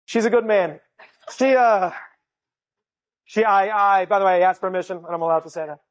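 Animated, joking man telling a story. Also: sits high, normal speed. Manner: animated, humorous, often laughing, voices the people in the story. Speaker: inspirational speaker. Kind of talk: live personal storytelling.

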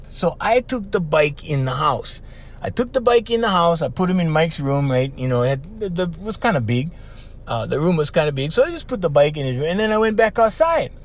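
An older man with a Hawaiian accent, hosting a podcast and telling a story in a slangy, animated way with lots of repeats. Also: on the high side, fairly quick. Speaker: podcast host. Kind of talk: casual storytelling.

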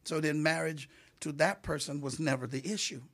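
A man who is a bishop talks as a studio guest on a chat show. His voice is husky and a bit breathy. He lays out his points in a measured, preacherly way. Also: a little high, fairly bright tone. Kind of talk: casual talk-show discussion.

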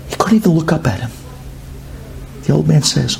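A man's voice: on the high side, animated, moderate pace, creaky, long pauses, darkish tone, slight background noise. A man, a religious storyteller, telling a dramatic story and often dropping to intense whispers.

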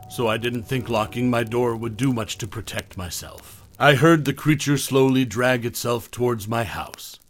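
Man narrating a horror story. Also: mid-range voice.

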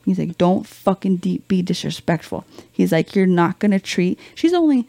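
A young woman appears as a podcast guest, telling a story in casual chat and animatedly acting out quotes with swearing and slang. Her lowish voice has vocal fry, moves at a moderate pace, and carries no echo.

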